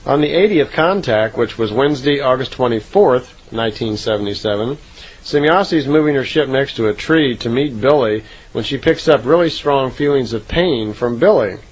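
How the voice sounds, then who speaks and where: A man's voice: medium pitch, lively intonation, normal speed, husky, rough recording. A man recounting events in a casual, unscripted way, speaking conversationally with frequent fillers and self-corrections. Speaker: narrator recounting contact reports. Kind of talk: casual spoken retelling.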